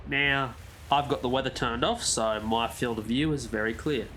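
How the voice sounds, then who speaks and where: A man's voice: mid-range voice, fairly even intonation, normal speed, a bit bright, slight background noise. A man giving a casual, chatty game walkthrough as a gaming YouTuber, drifting into side comments. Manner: easygoing, chatty, rambles into asides.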